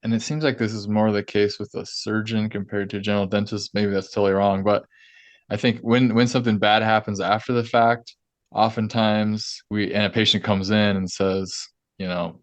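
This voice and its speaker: Podcast host guy, lowish voice, dry close sound, earnest and agreeing a lot. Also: fairly even intonation, dry recording. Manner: earnest, agreeable, quick affirmations. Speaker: podcast host, oral surgeon. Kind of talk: conversational podcast interview.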